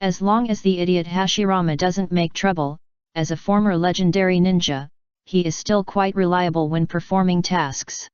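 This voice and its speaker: Smooth-voiced woman reading an audiobook. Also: on the low side, steady tone, normal speed, darkish tone, no echo, lo-fi sound. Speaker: audiobook narrator. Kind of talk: reading a fan fiction audiobook.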